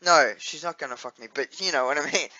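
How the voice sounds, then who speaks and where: A man's voice: fairly high pitch, bright, forceful tone, highs cut off. A young Australian man chatting casually in a vlog, rambling with lots of fillers and restarts and swearing freely. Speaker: vlogger.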